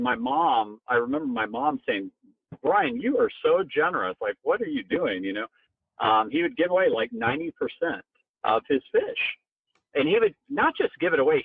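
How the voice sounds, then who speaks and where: A man being interviewed as a company co-founder, telling a personal story animatedly and jumping up in pitch for emphasis. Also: gravelly, breathy edge, no room sound. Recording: tinny phone-like sound, very dry.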